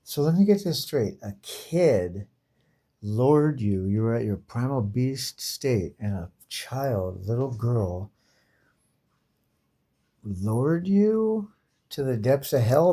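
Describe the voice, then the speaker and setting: Laid-back male comic reviewer, dark mellow timbre, swears freely and reacts with disbelief. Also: mid-range voice, husky. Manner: profane, slangy, incredulous riffing. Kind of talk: casual comic commentary.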